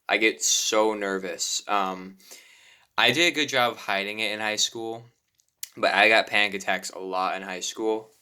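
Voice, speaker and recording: A nervous young man speaks in a halting, self-deprecating way, stopping often to sigh, apologize and start again. His voice sits on the low side but sounds bright and smooth. He talks in a personal confessional vlog. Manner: nervous, halting, many restarts and sighs. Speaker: YouTuber.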